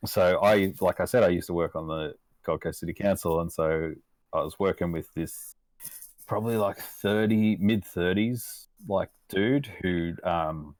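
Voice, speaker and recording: A man's voice: sits low, a little slow, darkish tone, no room sound. An Australian man telling a story in casual podcast chat, laid-back and rambling, swearing constantly. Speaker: podcast guest.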